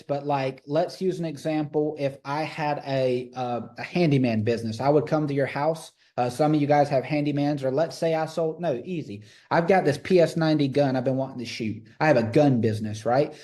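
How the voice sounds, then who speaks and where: Energetic male sales coach, slightly high, mellow tone, punchy repeated lines. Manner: energetic, emphatic, repeats phrases; acts out sales pitches. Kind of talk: live call teaching.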